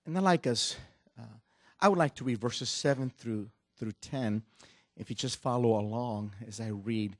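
A middle-aged man, a visiting missionary preaching a sermon, halting with many restarts. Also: mid-range voice, dry recording, studio quality. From Mexico. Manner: warm, halting with restarts, building to loud preaching. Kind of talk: sermon with joke and scripture reading.

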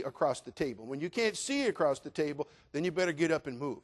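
Funny preacher guy, high voice, jokey animated sermon storytelling. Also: fast talker, hardly any pauses. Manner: animated, playful preacher with sudden loud exclamations. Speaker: pastor.

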